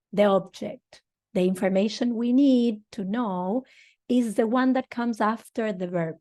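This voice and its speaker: A woman's voice: mid-range voice, darkish tone. A woman, a Spanish speaker, teaching English grammar patiently and often checking in with "okay". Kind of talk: grammar lesson.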